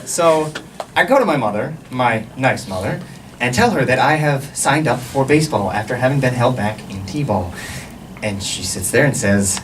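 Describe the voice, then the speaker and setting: A young man telling a stand-up story on a club stage, animated and lively, mimicking the people in it. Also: mid-range voice, moderate pace. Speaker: stand-up comedian. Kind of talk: stand-up comedy set. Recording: distant mic with background noise.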